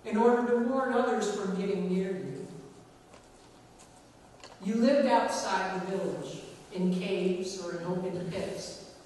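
A woman delivers a sermon at an unhurried, deliberate pace, leaning on dramatic pauses. Her voice sits at a middle pitch and comes from well back in a large, reverberant church. A long hall echo trails every phrase, with faint room noise under it. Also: fairly even intonation, darkish tone. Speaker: preacher. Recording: echoey church hall, recorded from far off.

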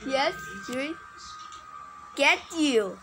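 High, lively woman over game music. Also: drawn-out words, low-quality recording. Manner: excitable, exclaiming, repeats words. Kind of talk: casual gameplay commentary. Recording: game music playing behind.

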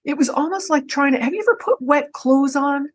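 A woman guest on a podcast, telling a personal story in an animated way, with frequent restarts and repeated words. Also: high voice, fairly quick, rough recording. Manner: animated, breaks into her own quoted speech.

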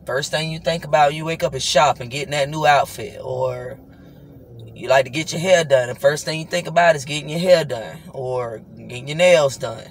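A woman's voice: low-pitched, normal speed, rough recording. A tired woman, worn out after an all-night shift, gives a casual devotional talk to her viewers, chatty and full of "guys" and "you know.". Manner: loose, conversational preaching with repeated "guys" and "you know". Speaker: vlogger hosting a weekly worship talk. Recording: clear traffic noise behind.

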